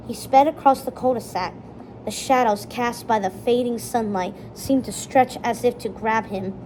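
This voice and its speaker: A woman reads a children's chapter book aloud in a steady, expressive way. Her voice is warm and mellow, and it sits fairly high. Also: slight background noise, rough recording. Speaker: storybook reader.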